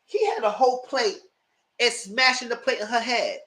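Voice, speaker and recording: A man's voice: very high voice, steady tone, normal speed, pushed and bright. A man giving a casual live review of a reality TV show, retelling scenes with exasperation and cursing.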